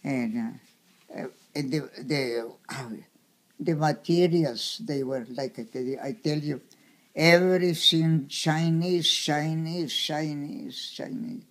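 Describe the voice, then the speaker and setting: A woman in her nineties telling a story from her childhood, halting and searching for words with many fillers. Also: deep voice. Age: 90s. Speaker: interviewee. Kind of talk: reminiscing storytelling.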